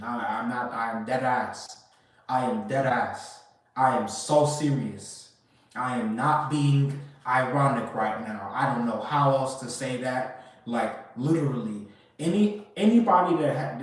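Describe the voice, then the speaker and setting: A man's voice: mid-range voice, recorded from a distance. A man ranting casually and emphatically, swearing often and repeating himself as he rambles. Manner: profane, emphatic, repetitive, rambling. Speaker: crypto commentator. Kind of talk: casual rant. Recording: echoey room, away from the mic.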